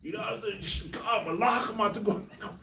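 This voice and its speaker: High-voiced man laughing through Bible talk. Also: fast, gravelly, roomy sound, distant mic. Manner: laughing often, slangy and animated. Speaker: host of a Bible discussion show.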